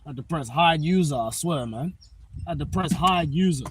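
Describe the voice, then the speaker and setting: A man's voice: on the high side, fairly quick, slight background noise. A man livestreaming outdoors from a phone on a tripod, chatting casually and playfully trash-talking his viewers. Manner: boastful, playful trash-talk at the chat. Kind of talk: casual live-stream chat.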